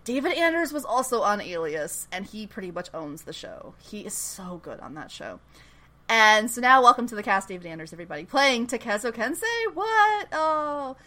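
A woman co-hosting a casual podcast, recapping a TV episode with lots of laughter and playful voices for the characters. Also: a little high. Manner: animated, laughs often, acts out characters' lines. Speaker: podcast co-host recapping a TV show. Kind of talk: casual chat.

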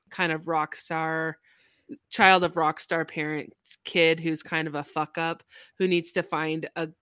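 A woman's voice: low voice, fairly bright tone, smooth, no echo, clean studio sound. A woman co-hosting a podcast, recommending a book in casual, rambling chat with many fillers. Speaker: podcast co-host.

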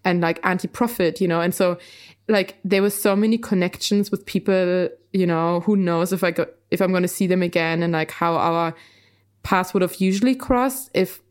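A woman with a slightly low voice, chatting in a relaxed podcast conversation. She rambles freely, stringing her thoughts together with lots of filler words. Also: moderate pace. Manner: rambling, heavy use of fillers. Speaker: podcast co-host. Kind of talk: casual conversation.

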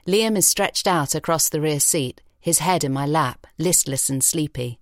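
A woman reading an audiobook story in a measured, expressive way in a recording studio. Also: deep voice, no room sound. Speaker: audiobook narrator. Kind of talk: scripted narration. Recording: dry studio sound.

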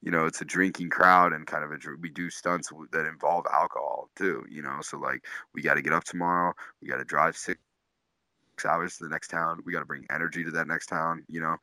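A man's voice: rumbling low, little pitch movement, brisk, sharp tone, dry recording. A man, a comedian and tour manager, casually telling road stories, laid-back and swearing often, laughing through them. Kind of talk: casual storytelling.

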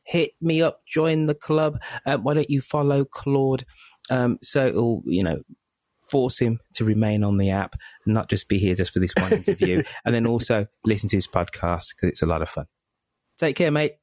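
A British man hosting a podcast, wrapping up an interview in a chatty, halting way with lots of fillers and repeated words. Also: mid-range voice, a little mellow, no echo. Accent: British English. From England. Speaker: podcast host. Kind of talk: casual interview wrap-up.

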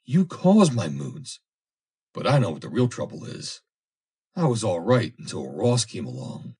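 A jealous, possessive man, as a reader plays him, pleading in a husky voice that keeps rising and falling. His pleas sour into bitter threats against a rival. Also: lowish voice, huge pitch swings, a little slow, mellow, heavily acted. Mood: bitter, snarling.

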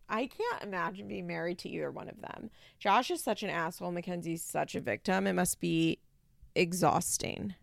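A woman's voice: on the low side, expressive, unhurried, gravelly, no room sound, studio quality. A woman hosting a casual recap podcast from home, talking in a chatty, loose way with lots of "like" fillers, occasional swearing and laughs. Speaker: podcast host recapping a reality show. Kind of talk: casual chat.

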